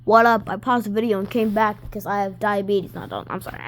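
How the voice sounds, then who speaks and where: A young woman chatting casually over a video she reacts to, rambling, apologetic and cutting in loudly. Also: medium pitch, steady tone, fast talker. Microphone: phone held while filming.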